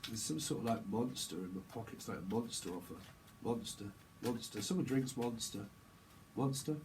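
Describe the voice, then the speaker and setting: A man's voice: mid-range voice, lively intonation, normal speed, darkish tone, slight background noise, low-quality recording. A man giving a casual, rambling tarot reading, joking and laughing often. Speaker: tarot reader.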